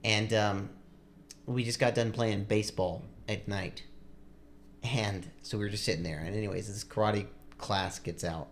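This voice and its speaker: A man's voice: fairly low pitch, fairly even intonation, normal speed, slight background noise. A young man on a podcast telling a long story in a casual, rambling way, full of likes and restarts. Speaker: podcast co-host.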